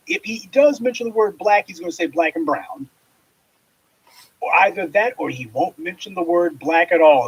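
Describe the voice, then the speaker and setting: A man delivering a forceful, scornful political commentary monologue, lecturing his listeners. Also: on the high side, slightly rough, rough recording.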